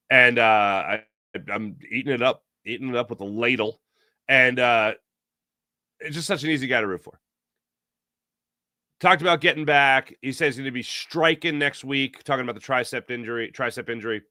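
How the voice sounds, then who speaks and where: A man hosting a casual sports talk show, rambling and animated, acting out imagined quotes. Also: medium pitch, moderate pace, no echo, studio quality.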